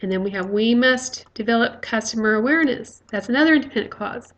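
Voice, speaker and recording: A woman's voice: a little high, fast talker, muffled recording. A woman teaching a recorded grammar lecture, explaining step by step with frequent fillers.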